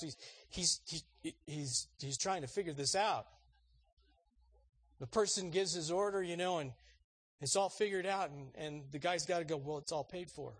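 A pastor with a high, husky voice tells an anecdote during a sermon, animatedly acting out the voices of its characters. The recording is dry.

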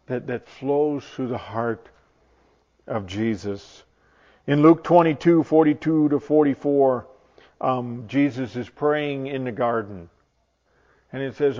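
A man teaching from the Bible in a sermon, earnest and searching, often restarting his sentences and dropping to a hush on tender points. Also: mid-range voice, a little slow. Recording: dull lo-fi recording.

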